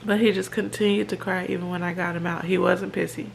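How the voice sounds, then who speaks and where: A woman, talking casually and rambling to a phone at home. Her voice sits low and has a gravelly edge. Faint household noise hums behind her. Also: little pitch movement, quick pace. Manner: chatty and rambling, with fillers and laughs. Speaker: vlogger. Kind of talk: casual chat to camera.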